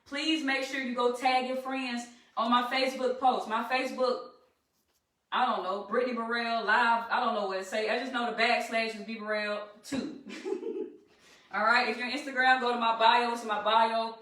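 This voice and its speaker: A woman's voice: fairly high pitch, steady tone, moderate pace, a bit bright. Chatty Southern woman in an echoey room. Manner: chatty, rallying, addresses viewers as y'all. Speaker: trading instructor. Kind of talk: live-streamed lesson. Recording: echoey room, distant from the mic.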